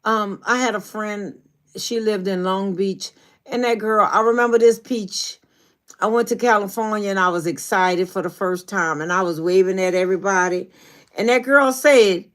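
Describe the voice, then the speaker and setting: A woman's voice: medium pitch, moderate pace, a bit bright. Folksy woman. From New Orleans. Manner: folksy, preachy, encouraging. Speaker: YouTube coach. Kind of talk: casual livestream talk.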